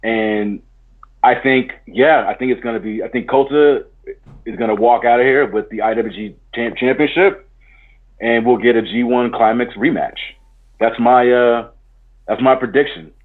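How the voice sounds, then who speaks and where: A man's voice: mid-range voice, moderate pace. Male guest, laid-back, casual swearing, heard over a tinny phone-like line. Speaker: podcast guest. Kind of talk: casual wrestling chat.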